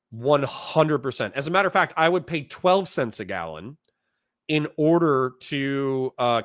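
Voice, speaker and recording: Reading out donations from chat, a Floridian man running a casual livestream rambles bluntly in response to the messages. His voice is medium-pitched with a fairly bright tone, recorded cleanly in a studio with no echo.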